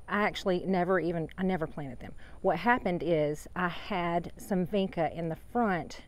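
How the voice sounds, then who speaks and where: A woman chatting casually outdoors in her home garden, rambling about her plants and sharing heartfelt thoughts on faith. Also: on the low side. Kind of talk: casual garden tour vlog. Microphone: handheld phone camera.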